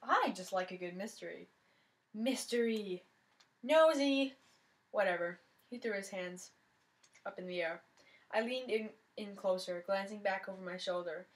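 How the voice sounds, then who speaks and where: A woman reads a mystery novel aloud in the first person, giving the narration plenty of expression. Her voice sits at a middle pitch for a woman, and she addresses her listeners directly at the end of the chapter. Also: measured pace, long pauses, poor audio. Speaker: reader of a novel.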